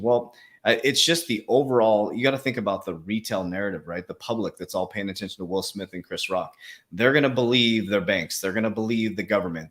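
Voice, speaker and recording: A man hosting a casual crypto livestream, talking fast and animated with slang and quick laughs. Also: fairly low pitch. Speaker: crypto coach, livestream host.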